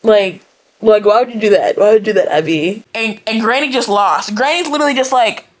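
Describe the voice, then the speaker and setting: A woman's voice: medium pitch, brisk. Exasperated young woman ranting about a book. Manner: exasperated, animated, lots of "like" and "right?". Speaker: book reviewer. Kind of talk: casual reading-reaction rant.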